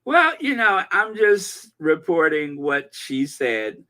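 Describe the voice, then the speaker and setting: A man hosting a live-stream commentary, reading viewer comments aloud in an animated, gossipy way. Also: a little high, takes it slowly. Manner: animated and gossipy, breaking into laughter. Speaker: channel host.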